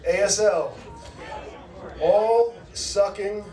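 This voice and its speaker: This comedy show host, a middle-aged man, speaks very slowly in a high voice, picked up by a distant mic. In a large, echoey comedy club full of crowd noise, he teases the live audience with brash, profane crowd work.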